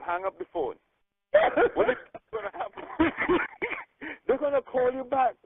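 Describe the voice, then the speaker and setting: A man leading a group call as a sales coach, giving an energetic motivational talk, checking in with "okay?" and acting out phone conversations. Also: very high-pitched, slow, creaky, pauses often, dry recording. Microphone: telephone. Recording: tinny phone line.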